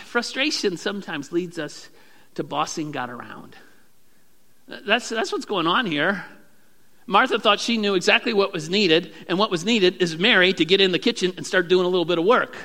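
A male pastor preaching a sermon, acting out prayers in a raised, animated voice. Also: high-pitched, moderate pace, long reverb tail.

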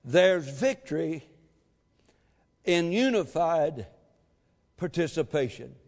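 A pastor with a notably high voice delivers his sermon at an unhurried, measured pace. He leans on key words and rises to shouts at the climaxes. The sound carries the long reverb of a church sanctuary. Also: lively intonation. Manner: emphatic, calls for amens, shouts at peaks.

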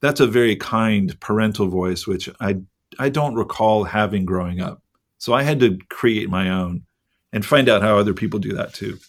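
A man's voice: lowish voice, normal speed. A middle-aged man in casual podcast chat, rambling and candid, with lots of "like" and the odd swear word. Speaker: podcast co-host.

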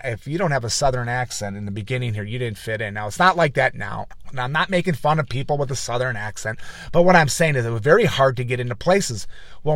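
A man hosts a motivational show, rambling through folksy business stories with lots of restarts and repeated words. His voice sits at an ordinary middle pitch. The sound is close and dry, with no room around it. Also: fairly bright tone, no room sound. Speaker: motivational speaker and podcast host. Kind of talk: casual motivational talk.

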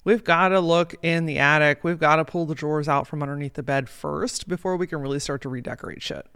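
A woman's voice: deep voice, fast, a bit bright, clear, resonant tone, no room sound, studio quality. A woman hosting a motivational podcast as a life coach, talking casually and emphatically with plenty of swearing.

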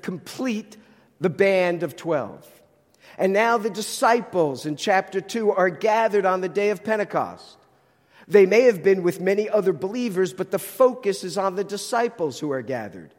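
A man's voice: high voice, in a large hall. A man with a New Jersey accent teaching a sermon, explaining the text and posing rhetorical questions. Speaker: Bible teacher.

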